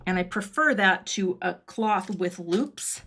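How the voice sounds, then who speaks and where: A woman's voice: mid-range voice, expressive, slow pace, fairly bright tone. A middle-aged woman hosting a casual card-making livestream from her home craft studio, thinking aloud as she works and answering viewer comments.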